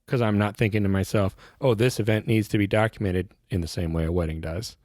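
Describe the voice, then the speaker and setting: A man hosting a casual podcast conversation, quick to laugh and given to self-deprecating asides. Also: on the low side, fairly even intonation, darkish tone, no room sound, clean studio sound. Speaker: podcast host.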